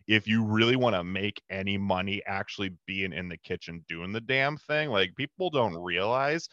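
A man's voice: fairly low pitch, moderate pace, fairly bright tone, no room sound, muffled recording. A man hosting a podcast, talking in a laid-back, rambling way and dropping in mm-hmms. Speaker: podcast host. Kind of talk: casual podcast chat.

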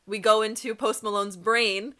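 Bright chatty young woman. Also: mid-range voice, steady tone. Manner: chatty, retells scenes with quick quoted voices. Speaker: podcast co-host. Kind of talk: casual chat.

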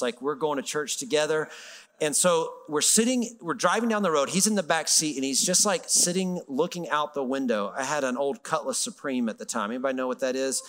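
A man's voice: mid-range voice, long reverb tail. A middle-aged man preaching in a conversational, storytelling way, acting out the voices of people in his stories. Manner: animated, conversational, acts out quoted voices. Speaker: pastor. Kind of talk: sermon storytelling.

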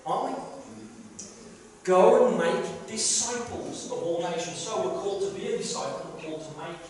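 A man's voice: high voice, animated, moderate pace, a little mellow, slight background noise. A man pastor preaching a sermon, emphatic, repeating phrases and asking rhetorical questions. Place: church hall, live service. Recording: echoey live church hall recording from far off.

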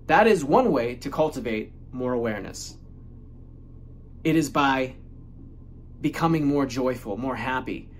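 A man's voice: medium pitch, fairly bright tone, a little hiss or hum. Man giving a blunt self-help talk. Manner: emphatic, repetitive, swears freely. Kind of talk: casual motivational monologue.

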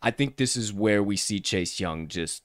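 Male betting show host, mid-pitch, dry close mic, loud-to-quiet hype delivery. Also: normal speed, dry recording. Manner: hype-filled, swearing, big swings in pitch and volume. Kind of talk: casual sports betting podcast talk.

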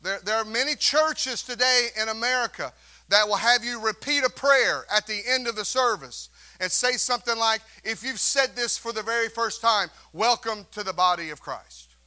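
A man's voice: high voice, normal speed, sharp tone, smooth. A male pastor preaching a sermon to his congregation, emphatic and calling for responses. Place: church sanctuary.

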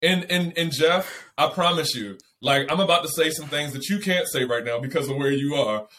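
Bright-voiced man ranting bluntly. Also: fairly high pitch, moderate pace. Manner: blunt, profane, animated ranting. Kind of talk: casual chat. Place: home.

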